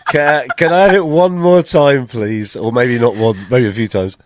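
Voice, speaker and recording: A man's voice: mid-range voice, steady tone, moderate pace. A British man co-hosting a podcast, playfully thinking aloud in casual banter. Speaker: podcast co-host.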